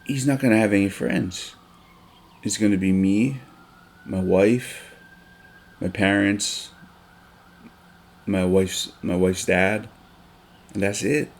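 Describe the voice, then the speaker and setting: A man, talking on a casual podcast in a deep voice. His tone is gravelly and full of vocal fry. He speaks earnestly, with frequent ums and restarts. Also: slow, long pauses. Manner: earnest, emotional, with many fillers and restarts. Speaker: teacher.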